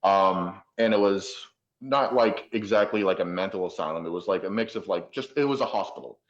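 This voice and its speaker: A man with a lowish voice tells stories as a podcast guest, chatty and full of fillers. His sound comes through dull and lo-fi. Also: brisk. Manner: chatty, many fillers, acts out voices in anecdotes. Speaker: podcast guest, haunt actor. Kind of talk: casual storytelling.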